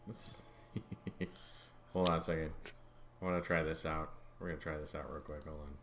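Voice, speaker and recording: A man's voice: rumbling low, fairly even intonation, moderate pace, long pauses, sharp tone, slight background noise. A man narrating as game master of a tabletop game in a loose, rambling way full of fillers.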